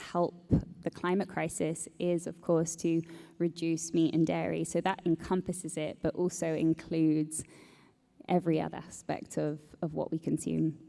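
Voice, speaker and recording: Low, mellow woman in a reverberant hall. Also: flat delivery, measured pace, gravelly. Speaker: panelist. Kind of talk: panel discussion.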